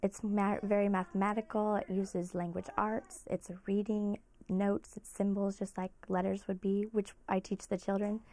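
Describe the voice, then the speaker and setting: A woman's voice: mid-range voice, flat delivery, moderate pace, few pauses, a little mellow. A woman music teacher explaining her lessons in an earnest interview.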